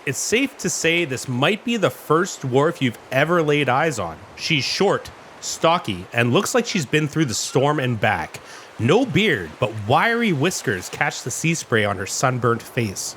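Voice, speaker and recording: Guy running a tabletop game, animated narrating voice. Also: mid-range voice, slight background noise. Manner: descriptive, dramatic pauses. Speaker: game master.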